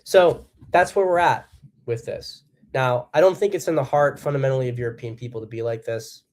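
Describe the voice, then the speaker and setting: A man's voice: medium pitch, darkish tone. A man giving solo political commentary as host, blunt and profane, with emphatic bursts. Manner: acts out quotes in a harsh voice.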